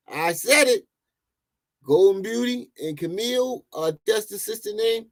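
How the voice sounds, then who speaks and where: A man's voice: sits high, expressive, unhurried. Mocking, laughing man reacting to a clip. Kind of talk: reaction commentary.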